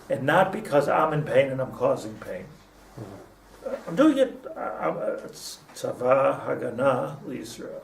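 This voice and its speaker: A man's voice: on the high side, creaky, slight background noise. A man, a rabbi, giving an informal Torah class in a conversational way, mixing in Hebrew terms and restarting his sentences. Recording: roomy, distant mic with faint ambience.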